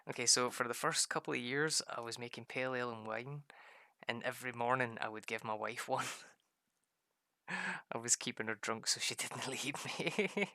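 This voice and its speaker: A man's voice: mid-range voice, normal speed, sharp tone, no room sound. A Scottish man rambling casually while playing a farming game, laughing often and putting on voices for the people he quotes. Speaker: gaming video host.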